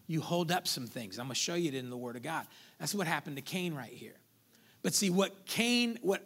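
A man preaching a sermon as pastor, swinging between loud peaks and hushed drops and acting out quoted voices in conversational asides. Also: high voice.

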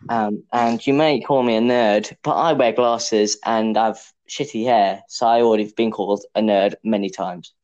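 A man's voice: on the low side, steady tone, normal speed, few pauses, a little mellow, dull audio. A young man, co-hosting a casual podcast chat, joking and hesitant, full of fillers and restarts. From England. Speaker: podcast co-host.

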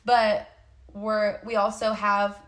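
A woman's voice: mid-range voice, flat delivery, slow pace, reverberant. A young adult woman co-hosting a podcast, chatting casually and emphatically, swearing freely, with sarcastic asides. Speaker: podcast co-host. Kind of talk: casual chat.

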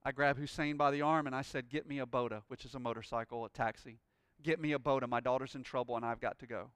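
A man preaching a sermon, telling a personal story and rising into loud, joyful praise. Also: medium pitch, steady tone, fast talker, clear, resonant tone, dry recording, clean studio sound. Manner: exuberant, shouting praise. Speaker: pastor.

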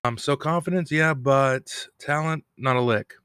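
A man's voice: mid-range voice, measured pace, fairly bright tone, clean tone, no room sound, studio quality. A man casually recapping a TV episode on his own, rambling, joking and laughing at himself. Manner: self-deprecating, rambling, laughs at own jokes. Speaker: podcast host recapping an episode. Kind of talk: casual solo recap with jokes. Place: home recording room, cat bell nearby.

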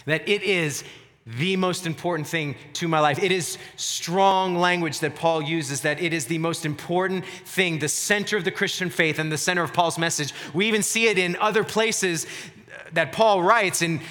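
A male pastor preaching in an earnest, emphatic way, often repeating words to stress a point. His voice is bright and fairly high for a man. A long reverb hangs around it, as in a church sanctuary. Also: moderate pace. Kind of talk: sermon.

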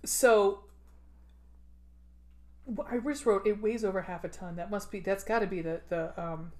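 A woman's voice: mid-range voice, unhurried, darkish tone. A woman co-hosting a casual movie review podcast, sardonic, swearing freely and reading from her notes. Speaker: podcast co-host.

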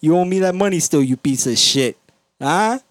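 A man putting on a brash, bellowing construction worker, pitched a little higher than his own voice and loud. He hollers crude jabs at his buddies. The sound is dry and close. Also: lively intonation, moderate pace, no echo, lightly acted. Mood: rowdy taunting. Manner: bellowing, taunting, calls out names.

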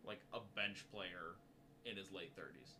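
A man's voice: low-pitched, animated, measured pace, bright, forceful tone, slight background noise. A man co-hosting a casual sports talk show, easygoing and joking. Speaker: podcast co-host.

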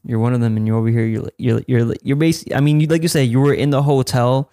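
A man's voice: medium pitch, steady tone, fast, mellow, no echo, studio quality. A man hosting a casual podcast chat, agreeable and profane, asking loose questions.

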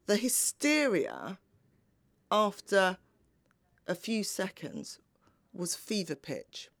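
A middle-aged woman recounts a personal memory slowly and deliberately, letting pauses do the dramatic work. Her voice sits a little low and carries a gravelly edge. The recording is dry and close. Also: fairly bright tone, no echo. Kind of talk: personal storytelling.

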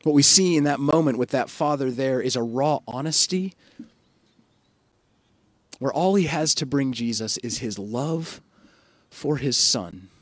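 A man preaching a sermon at a middle pitch, earnest and reflective. He often lets his phrases drop softly. The recording sounds dry and close. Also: animated, no echo. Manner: earnest, reflective, with soft dropping pauses. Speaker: pastor.

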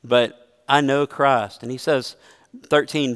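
A man's voice: medium pitch, fairly even intonation, slow pace, a bit bright, clean tone, big-room sound. A man preaching a sermon as a pastor, earnest and emphatic, mixing scripture with a personal story.

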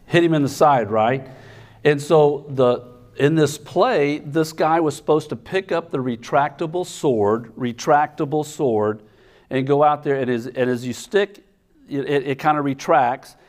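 Animated male preacher telling a story. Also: a little high, measured pace. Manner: animated storyteller, acts out characters with sudden shouts. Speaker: pastor. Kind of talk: sermon with storytelling.

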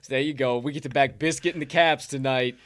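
A man co-hosting a sports betting podcast, talking casually with loud, profane, showman-style hype and ad reads. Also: medium pitch, fairly even intonation, quick pace.

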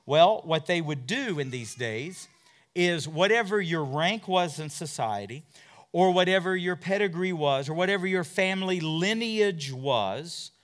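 A man preaching a sermon, telling a Bible story with questions to his listeners and big swings from loud to hushed. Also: fairly high pitch. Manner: asks the congregation questions. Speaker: pastor.

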